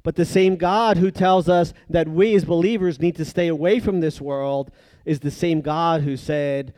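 A man preaching a sermon, moving between loud emphatic passages and hushed, drawn-out phrases. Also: a little high, steady tone, no echo.

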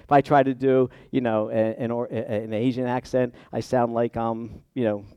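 A middle-aged man preaching in a conversational way, rising to loud emphatic peaks and dropping to quiet asides. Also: mid-range voice, level tone, normal speed, clean tone, dry recording, dull audio. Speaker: pastor. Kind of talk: sermon.

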